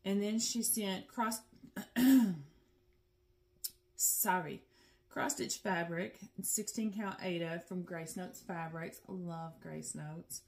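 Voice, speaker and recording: A woman's voice: fairly low pitch, slow. Chatty middle-aged woman vlogger. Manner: chatty and animated, laughs often, says "girl" and "y'all". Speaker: flosstube host. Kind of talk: casual chatty vlog.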